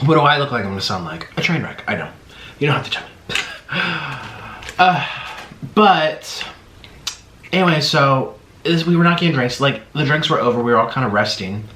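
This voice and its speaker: A man's voice: medium pitch, animated, moderate pace, long pauses, sharp tone. Chatty man eating and rambling, roomy echo. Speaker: mukbang host. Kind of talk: casual storytelling while eating. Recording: roomy echo, faint background hiss.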